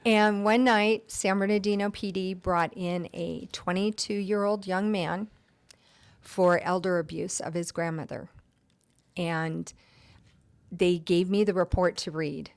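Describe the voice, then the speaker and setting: Woman telling heartfelt stories, slightly low. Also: fairly even intonation, takes it slowly, smooth. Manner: warm, heartfelt anecdotes. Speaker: county deputy, guest. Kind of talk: storytelling in an interview.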